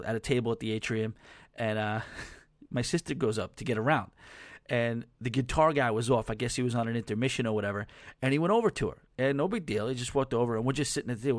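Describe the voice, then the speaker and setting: A man's voice: mid-range voice, no room sound, clean studio sound. A man hosting a podcast, telling stories in a chatty, rambling way with lots of fillers and chuckles. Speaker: podcast host. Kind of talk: casual podcast storytelling.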